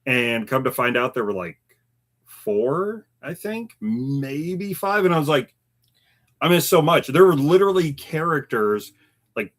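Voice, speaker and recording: A man co-hosting a live stream in casual chat, chatty and animated, laughing often and reading viewer comments aloud. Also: mid-range voice, a little slow.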